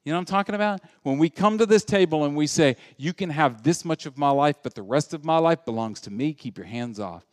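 A male pastor preaching a sermon, moving between loud, animated passages and hushed, intimate ones. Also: on the high side, a little fast, hardly any pauses, no echo, clean studio sound.

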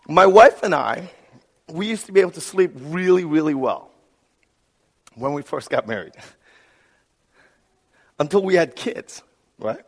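A man in his thirties preaching a sermon, telling family stories and acting out the voices in them. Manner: storytelling, acts out quoted voices with big pitch jumps. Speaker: pastor.

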